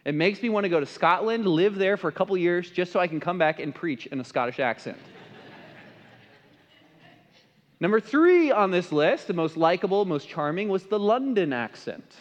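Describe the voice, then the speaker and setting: A man's voice: high voice, very animated, moderate pace, lo-fi sound. A man from the Midwest, preaching a sermon as pastor and often asking the congregation questions. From American Midwest. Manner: emphatic, asks the congregation questions. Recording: long reverb of a large hall.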